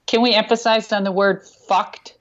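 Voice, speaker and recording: A woman's voice: mid-range voice, fairly even intonation, moderate pace, highs cut off. A woman hosting her own talk show, telling wrestling stories in a casual, blunt way, swearing freely and laughing often. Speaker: show host and former wrestler. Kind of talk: casual chat.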